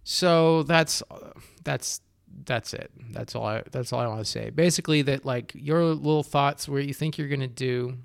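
A man's voice: medium pitch, normal speed, gravelly, dry recording, clean studio sound. A young man hosting a casual solo podcast from indoors at home, talking in a rambling, self-mocking way with frequent restarts. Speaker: podcast host. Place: indoors at home with a heater running.

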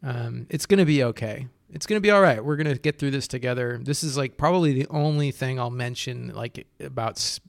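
A man's voice: mid-range voice, fairly quick, creaky, few pauses, no echo, studio quality. A young man hosting a casual solo podcast from indoors at home, talking in a rambling, self-mocking way with frequent restarts. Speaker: podcast host. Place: indoors at home with a heater running.

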